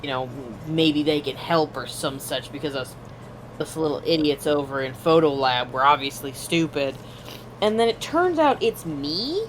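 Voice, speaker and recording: Casual animated woman storyteller. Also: low-pitched, moderate pace, a little hiss or hum, rough recording. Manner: animated storyteller, acts out voices, swears casually. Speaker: art streamer. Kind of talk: casual chat while drawing on stream.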